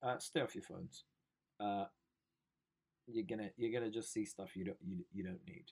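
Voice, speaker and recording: A man's voice: fairly low pitch, steady tone, normal speed, creaky, darkish tone, breathy edge. A young man, riffing sarcastically on news stories as host of a comedy show. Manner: joking, sarcastic, slangy.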